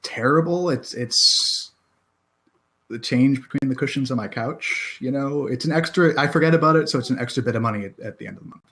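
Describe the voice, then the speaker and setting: A man's voice: medium pitch, a bit bright. An American man, a guest author on a podcast, talking casually with many restarts and wry laughs. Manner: halting, many restarts and self-deprecating laughs.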